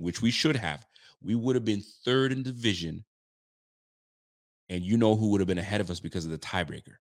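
Fired-up man ranting after a game. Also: lowish voice. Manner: ranting, emphatic, addresses viewers as folks; holding volume down while fired up. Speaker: sports fan show host. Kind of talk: late-night post-game reaction livestream.

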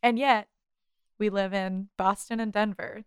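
A woman's voice: medium pitch, fairly even intonation, a little slow, smooth, dry recording. A woman co-hosting a podcast in casual chat, with playful, dry humor. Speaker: podcast co-host.

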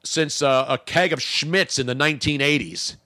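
A man's voice: fairly high pitch, normal speed, bright, forceful tone, no room sound, clean studio sound. A man hosting a sports talk radio show, joking brashly and crudely in casual banter.

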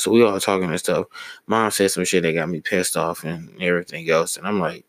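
Deep gravelly young man ranting. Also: steady tone, normal speed, no echo. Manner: blunt, profane, heated storytelling. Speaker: podcast host. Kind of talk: casual solo podcast storytelling.

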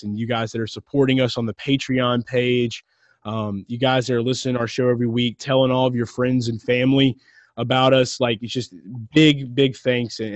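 Excitable, rambling man co-hosting a podcast. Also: mid-range voice, dry recording, muffled recording. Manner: excitable, rambling, swears freely. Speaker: podcast co-host. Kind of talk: casual podcast chat.

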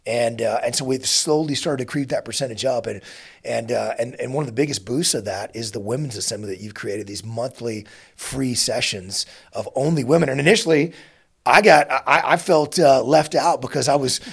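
A middle-aged man hosting an interview podcast, talking in a relaxed, halting way with many restarts. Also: medium pitch, vocal fry, slightly rough. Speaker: podcast host. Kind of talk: conversational interview.

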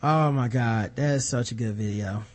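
A man co-hosting a casual podcast chat, animated and profane, acting out the people he quotes. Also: medium pitch, moderate pace. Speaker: podcast co-host.

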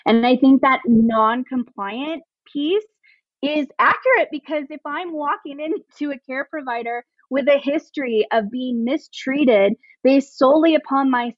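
As a guest on a podcast, a woman advocating for plus-size pregnancy speaks earnestly and emotionally in a conversational interview, going in long runs and restarting often. Her voice is fairly high, and the muffled recording has no echo.

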